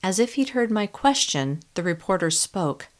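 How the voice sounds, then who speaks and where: A woman narrating a first-person audiobook in an expressive, tense storytelling manner. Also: mid-range voice, moderate pace.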